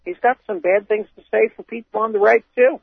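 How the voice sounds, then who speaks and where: A man's voice: high-pitched, fairly quick, vocal fry, breathy edge, dry recording. A man co-hosting a talk radio show, wryly reading news quotes aloud with many hesitations. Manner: wry, reads quotes aloud with many ums. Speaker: radio co-host. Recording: tinny phone-like radio sound, dry.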